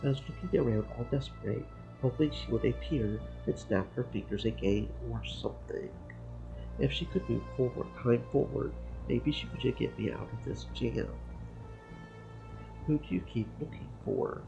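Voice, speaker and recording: A man streaming a game, reading its first-person narration aloud at a steady storytelling pace. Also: medium pitch, moderate pace, creaky, highs cut off. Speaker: streamer reading a visual novel. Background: game music.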